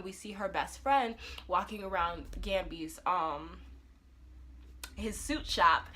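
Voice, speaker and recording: A woman reviewing a TV episode in a casual, animated retelling that acts out the characters' lines. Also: medium pitch. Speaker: TV review vlogger.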